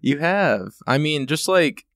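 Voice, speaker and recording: A man's voice: a little high, expressive, slow pace, a bit bright, no room sound, studio quality. A man talking in casual podcast chat as a guest, heartfelt and rambling with many fillers.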